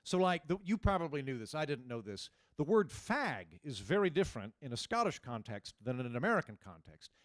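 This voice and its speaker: A man in his forties doing a live stand-up set, talking to the crowd in a loose, halting way with frequent restarts. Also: mid-range voice, big pitch swings, dry recording, clean studio sound. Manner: conversational, halting restarts, riffs with audience. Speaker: stand-up comedian.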